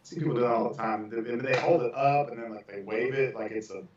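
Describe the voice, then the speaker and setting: A man's voice: mid-range voice, quick pace, noisy background. A man who teaches percussion, chatting casually on a podcast in a rambling way with lots of fillers. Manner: rambling, many "you know" fillers. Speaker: percussion instructor. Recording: echoey, distant, dull sound.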